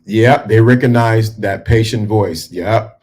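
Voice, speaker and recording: A man giving a motivational talk to men, speaking emphatically and dropping to a hushed, calm tone for effect. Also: lowish voice, unhurried.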